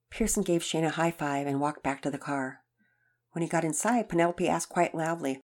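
Woman reading a kids storybook, lowish soft voice. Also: moderate pace. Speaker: narrator.

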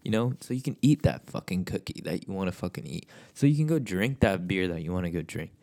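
Gravelly man ranting with constant swearing. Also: deep voice, lively intonation, quick pace, warm tone. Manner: blunt, swears constantly, repetitive. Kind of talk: profane motivational rant.

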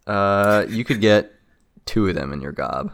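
A man's voice: on the low side, lively intonation, unhurried, fairly bright tone. A man running a tabletop game as game master, laid-back and laughing often.

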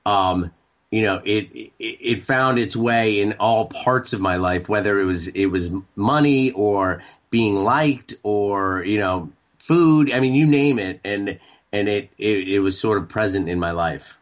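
A man in his forties from Maine, a radio show guest talking candidly, halting and repeating words with many fillers. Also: fairly low pitch, muffled recording. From Maine, United States. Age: 40s. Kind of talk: candid interview talk.

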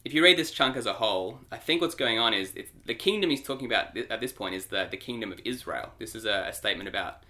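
Bright-voiced man explaining scripture. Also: on the low side, quick pace, few pauses. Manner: explanatory, animated. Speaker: Bible teacher. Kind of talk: podcast discussion.

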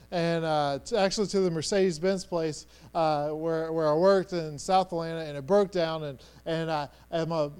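A middle-aged man preaching a sermon, telling stories in a conversational way with many stammered restarts, dropping to a hush and then rising loud. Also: sits high, smooth. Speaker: pastor.

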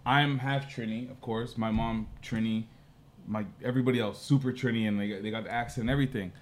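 A man from Toronto co-hosting a podcast, talking in a relaxed, questioning way in a casual group chat. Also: medium pitch, a little fast. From Toronto, Canada. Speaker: podcast co-host.

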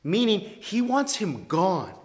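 A man delivers a sermon at a very slow, measured pace, leaning hard on key words and letting his volume rise and fall widely. His voice sits a little high for a man, and it rings out with the long reverb of a large church sanctuary. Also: sing-song. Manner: emphatic, deliberate preaching with wide swings in loudness. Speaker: preacher.

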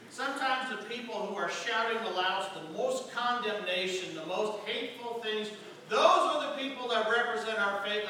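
A man's voice: extremely high pitch, sharp tone. A man preaching a sermon, conversational and emphatic as he retells a story. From United States. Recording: echoey room from far off, faint ambience.

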